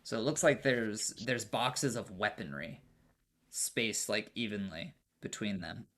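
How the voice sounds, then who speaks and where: A man's voice: lowish voice, a little slow, a bit bright. A man narrating as game master of a tabletop game, casual and profane, with many fillers and restarts.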